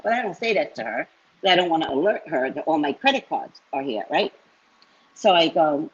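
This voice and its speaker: A woman psychic reader telling a story to her live-stream viewers in a casual, animated way, often tagging lines with "right?". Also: deep voice, brisk, soft background music. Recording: dull lo-fi stream audio.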